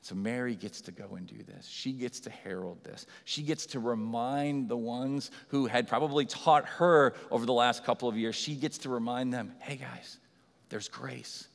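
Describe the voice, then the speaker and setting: A man preaching an Easter sermon as a pastor, swinging from loud and urgent to quiet and soft. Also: medium pitch, moderate pace, vocal fry, hardly any pauses. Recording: hall reverb.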